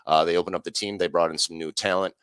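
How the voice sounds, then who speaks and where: A man's voice: deep voice, steady tone, fast talker, fairly bright tone, clean tone, dry recording. A man co-hosting a sports talk show, profane and rambling, often correcting himself. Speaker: sports radio co-host.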